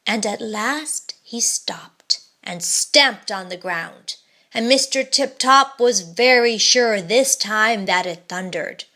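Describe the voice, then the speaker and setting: Woman storyteller: slow, bright, dramatic read-aloud. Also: medium pitch. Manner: expressive, dramatic.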